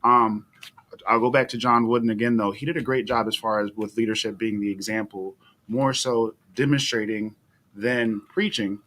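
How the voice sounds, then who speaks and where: A man's voice: lowish voice, steady tone, normal speed, a bit bright, poor audio. A man co-hosting a podcast, talking about leadership in an earnest, reflective way. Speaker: podcast co-host. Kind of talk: casual podcast talk.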